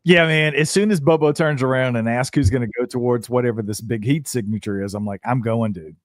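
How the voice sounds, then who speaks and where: A man's voice: mid-range voice, fast talker, no echo, clean studio sound. A man who was a police officer, telling a story as a podcast guest with emphatic, slangy energy. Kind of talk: casual storytelling chat.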